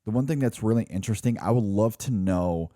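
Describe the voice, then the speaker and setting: A film podcast co-host with a fairly low, warm voice talks at a brisk clip in a clean studio recording with no echo. He rambles casually through his thoughts, restarting often and leaning on fillers like "like" and "you know."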